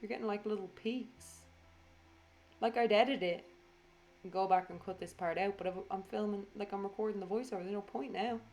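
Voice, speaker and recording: A woman's voice: medium pitch, a little fast, darkish tone. A woman chatting through a casual voiceover for her craft video. She says she is tired, rambles, swears freely and teases herself.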